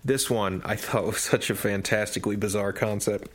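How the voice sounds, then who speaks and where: A man co-hosting a podcast in casual chat, retelling a story with animated enthusiasm. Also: on the low side, normal speed, soft background music. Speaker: podcast co-host.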